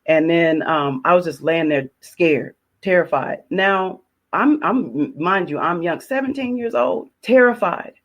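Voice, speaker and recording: A woman with a low-leaning voice and lively intonation shares her personal testimony as a guest, speaking a little slowly and with heavy emotion on a lo-fi recording. She repeats phrases for weight and acts out her own pleas and prayers.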